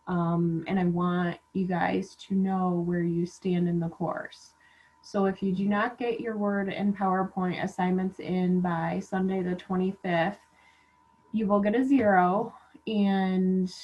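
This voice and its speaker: A woman college instructor giving relaxed class reminders with lots of "um" fillers, while feeling unwell. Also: mid-range voice. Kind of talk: recorded class announcements. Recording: dull lo-fi class recording.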